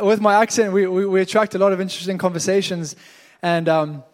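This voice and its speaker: British-accent guy preaching, kinda high voice, chatty and jokey, big church hall echo. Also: fairly even intonation, fairly quick. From Zimbabwe. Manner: conversational, chatty storytelling with humor. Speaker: guest pastor. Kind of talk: sermon. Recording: long church-hall reverb.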